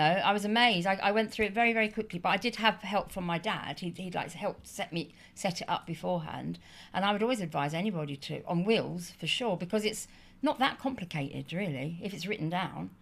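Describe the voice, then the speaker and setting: A woman's voice: on the low side, creaky, a bit bright. A woman co-hosting a casual online chat, bubbly and chatty, often chiming in. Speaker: co-host.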